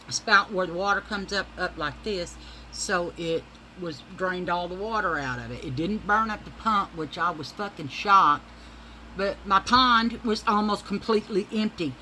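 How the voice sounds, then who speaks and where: A woman's voice: deep voice, bright, forceful tone, slight background noise, poor audio. A middle-aged woman vlogger telling a rambling, profane story in a casual way while she applies makeup.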